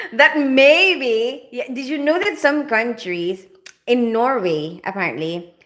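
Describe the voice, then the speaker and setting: This livestream host, a woman from the Philippines with a Filipino and British mixed accent, chats casually while going through viewer comments, frequently laughing. She speaks at medium pitch with a slightly bright voice, from a home set up with camera lighting.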